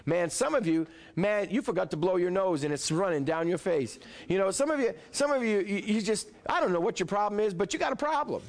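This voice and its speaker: A man preaching to a church congregation with a somewhat high voice. He swings from joking, lively talk to soft, hushed prayer. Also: brisk, few pauses. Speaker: pastor. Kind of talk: sermon.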